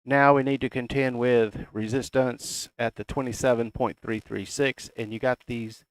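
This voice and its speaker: Folksy Southern man with a gravelly voice. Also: mid-range voice, steady tone, moderate pace, no room sound. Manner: folksy, reads price levels aloud. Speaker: crypto chart analyst. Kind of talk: casual chart commentary.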